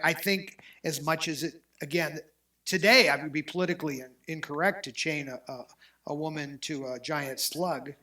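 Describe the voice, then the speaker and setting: Bright, animated male host. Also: fairly high pitch. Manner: animated, opinionated, with frequent restarts. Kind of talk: casual chat.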